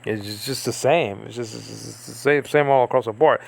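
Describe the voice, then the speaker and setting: A man's voice: mid-range voice, fairly quick, vocal fry, husky. A man giving a casual, rambling Bible study lesson, thinking aloud with many fillers and asides. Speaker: Bible teacher.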